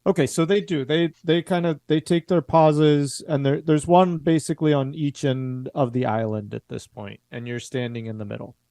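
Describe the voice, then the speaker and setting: A man runs a tabletop game, circling his thoughts with fillers and restarts. His voice is mellow and dark, recorded dry and close to the mic. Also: on the high side, fairly even intonation, normal speed, hardly any pauses, no room sound. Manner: hesitant, full of filler words. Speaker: game master.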